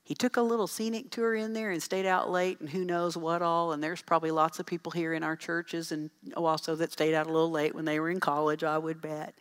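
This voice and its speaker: A middle-aged woman speaking to a church audience, telling folksy, animated stories with asides about parenting. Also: deep voice. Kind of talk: storytelling talk to an audience.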